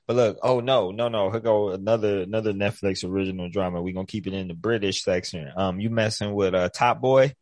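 A man co-hosting a casual chat, talking loosely and profanely with lots of restarts and bursts of excitement. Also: lowish voice, a little fast, hardly any pauses, no echo. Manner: profane, rambling, animated. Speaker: podcast co-host. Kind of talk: casual chat about TV shows.

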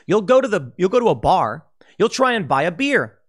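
A man's voice: high-pitched, sing-song, a little fast, breathy edge. A man giving an emphatic opinion commentary, warning listeners and sketching scenarios. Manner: emphatic, warning, speculative, with restarts. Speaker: political commentator.

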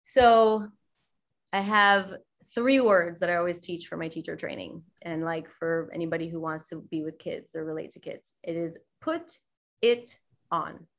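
A middle-aged woman yoga teacher, talking as a guest in a relaxed interview, lively and quick to act out the voices she quotes. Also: lowish voice. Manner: animated, acts out quoted voices. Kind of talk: casual interview chat.

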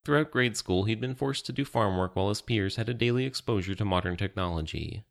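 A man reading an audiobook in steady, measured scripted narration. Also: on the low side, creaky.

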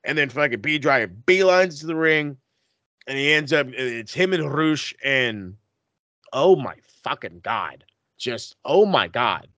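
A man recapping wrestling on a podcast, swearing freely and turning animated whenever he acts out what people said. His voice is bright and cutting, recorded close and dry. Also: takes it slowly, no echo. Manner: animated, profane, acts out quotes with big pitch jumps. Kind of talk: casual chat.

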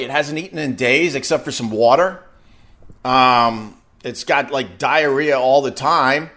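A middle-aged man tells a story in a loose, conversational way, often restarting and repeating words. His voice sits at an ordinary pitch for a man, neither deep nor high. He sounds like a podcast host chatting off the cuff. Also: measured pace, sharp tone. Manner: rambling, repeats words while telling a story. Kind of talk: casual storytelling.

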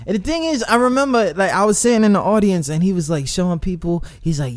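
A man talking in casual podcast chat, animated and rambling, with lots of slang and "like" fillers as he praises some performing artists. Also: a little high, fairly quick, hardly any pauses.

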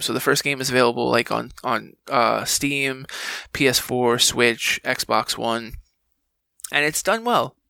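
A man who voices video game characters, telling a story in a casual, animated way and acting out the quoted lines. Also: medium pitch, gravelly, no room sound, poor audio. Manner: animated, acts out quoted dialogue. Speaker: guest, game voice actor.

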